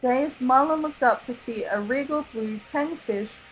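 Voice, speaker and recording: An Australian woman reading a children's novel aloud in an expressive, dramatic way. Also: high-pitched, a little slow, soft background music, poor audio. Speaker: reader. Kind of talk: storybook read-aloud.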